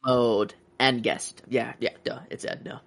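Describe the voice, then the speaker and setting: A man's voice: medium pitch, steady tone, measured pace, vocal fry, fairly bright tone. A young man co-hosting a casual movie chat, rambling and enthusiastic, full of fillers and restarts. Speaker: podcast co-host.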